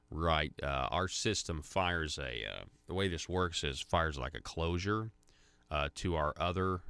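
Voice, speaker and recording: A man's voice: a bass voice, creaky, fairly bright tone, clean tone, no room sound. A man hosting a conservative talk radio show from a studio, rambling conversationally with many fillers and restarts.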